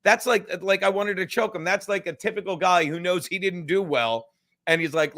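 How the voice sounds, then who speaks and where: A man in his fifties hosts a podcast in a loud, profane, heated way. His voice sits high for a man. He tells stories with plenty of swearing. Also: normal speed. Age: 50s. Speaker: podcast host. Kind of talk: casual chat.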